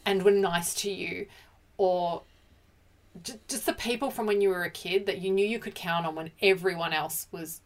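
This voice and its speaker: A woman with a fairly low voice talks at a normal speed while co-hosting a casual pop culture podcast. She's emotional and chatty, and she often restarts her sentences.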